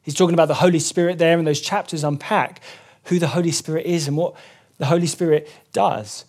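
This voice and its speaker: A man's voice: a little high, fairly even intonation, brisk, darkish tone. A man preaching a sermon, earnestly explaining scripture and rising emphatically when he quotes it.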